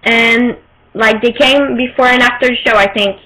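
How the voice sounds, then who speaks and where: A young woman whose first language is French, telling a rambling, excited story in a casual vlog and often searching for her words. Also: fairly high pitch, normal speed. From Quebec, Canada. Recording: poor-quality home recording.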